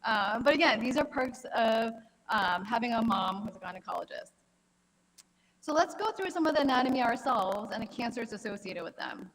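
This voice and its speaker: A woman's voice: fairly high pitch, animated, normal speed, a bit bright, big-room sound, low-quality recording. A woman in her thirties, a gynecologic oncologist, giving a friendly, anecdotal health talk at a conference. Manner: friendly, anecdotal, conversational lecturing. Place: conference hall.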